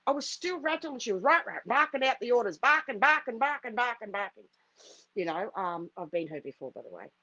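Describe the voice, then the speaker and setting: A woman's voice: on the high side, very animated, fairly quick, pushed and bright, dry recording, rough recording. A middle-aged woman, a spiritual healer, telling a personal story in an earnest, repetitive, emphatic way. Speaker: spiritual healer hosting a live stream.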